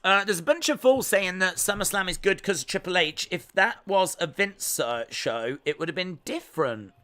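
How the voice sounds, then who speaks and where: A man's voice: high-pitched, expressive, normal speed, sharp tone. An English man with a Midlands accent hosting a live watch-along stream, reading chat aloud and teasing viewers with jokes. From England. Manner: joking, teasing banter.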